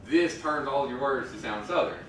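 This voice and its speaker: A man's voice: medium pitch, moderate pace, heavy background noise. A man trading stage banter with puns, then performing a rhythmic spoken-word poem. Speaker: slam poet performer. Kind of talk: stage banter and slam poetry. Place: indoor stage at a live venue. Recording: echoey hall from far off.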